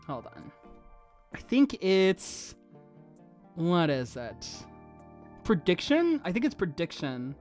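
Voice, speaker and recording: A streamer chatting casually on a livestream, gushing excitedly and swearing freely, with faint music behind. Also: mid-range voice, slow pace, long pauses.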